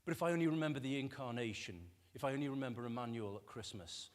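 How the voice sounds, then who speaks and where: A man's voice: mid-range voice, fast talker. A man preaching a sermon, talking conversationally and putting rhetorical questions to his congregation. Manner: acts out quoted voices with lively shifts. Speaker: pastor. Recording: long reverb of a church hall.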